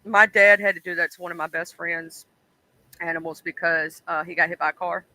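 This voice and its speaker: High bright-voiced man rambling casually. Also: steady tone, a little fast, rough recording. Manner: rambling, full of ums and "you know"; laughs and acts out childhood voices. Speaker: stream host. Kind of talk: casual chat.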